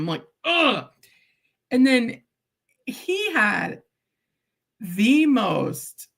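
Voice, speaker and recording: A young woman hosting a casual live stream from her craft space, talking frankly as she works. Her voice swings up and down, lively and expressive. She laughs a lot and keeps asking "right?" to her viewers. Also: on the high side. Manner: chatty and blunt, laughs often, says "like" and "right?" a lot.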